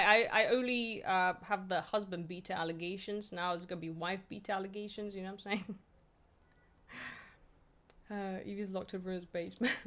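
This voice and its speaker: A woman's voice: mid-range voice, a bit bright. Chatty, swearing woman streamer from Poland. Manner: loose and chatty, swears, many fillers, laughs easily. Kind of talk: casual chat answering viewer questions.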